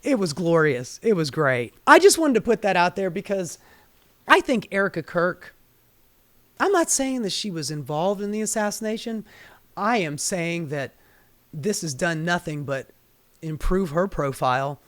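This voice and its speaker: A woman hosting her own political commentary show, delivering a profane, heated rant that swings between low muttering and loud outbursts. Her voice is getting strained. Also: lively intonation, a little slow, no room sound.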